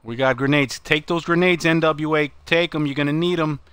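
Excitable New man streaming a game. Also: fairly high pitch, fairly quick, clear, resonant tone, no room sound. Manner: excitable, laughing, repeats exclamations. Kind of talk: excited live gameplay commentary.

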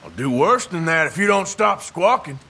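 Dry, menacing rugged outlaw. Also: male voice, on the high side, big pitch swings, normal speed, sharp tone, breathy edge, full character voice. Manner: dry, threatening.

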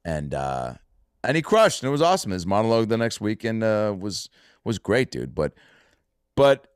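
A male comedian telling a story as a podcast guest, animated, casual and swearing, acting out what people said. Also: fairly low pitch, moderate pace, clean tone, dry recording, studio quality. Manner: animated, swearing, acts out quotes.

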